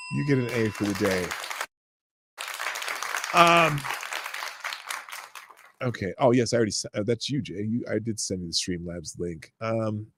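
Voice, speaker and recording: A middle-aged man hosts a livestreamed news commentary show, reading stories and chat sarcastically and bursting into shouted rants. His voice is fairly low and unhurried, with long pauses. A faint crowd and a little hiss or hum can be heard.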